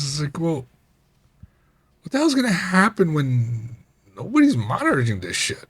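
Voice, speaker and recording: A man's voice: normal speed, husky. A middle-aged man hosting a podcast, telling work stories in a casual monologue and acting out coworkers' lines in a raised voice. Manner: animated, acts out quoted coworkers with raised pitch. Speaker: podcast host.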